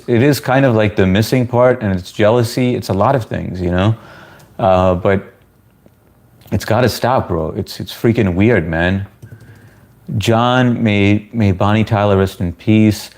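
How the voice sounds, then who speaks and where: A man's voice: lowish voice, unhurried, darkish tone. A man from the US chatting casually with viewers on a livestream, laid-back and talkative. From United States. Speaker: live streamer answering chat.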